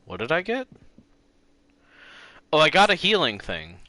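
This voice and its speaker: A man's voice: on the high side, huge pitch swings, a little slow, pushed and bright. A man streaming a game, chatting casually and self-mockingly, swearing now and then, and reading game text aloud.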